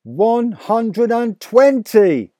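A man reading aloud, voicing an excitable father in a children's storybook who exclaims in wonder. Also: on the high side, slow, no room sound, studio quality, pitched above the performer's own voice. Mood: awed. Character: excitable delighted adult father.

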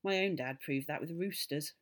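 Tired, hurt dad, low-voiced and dry, says little, read by a woman. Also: moderate pace, natural voice. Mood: dry calm. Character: tired, injured working father, dry and calm.

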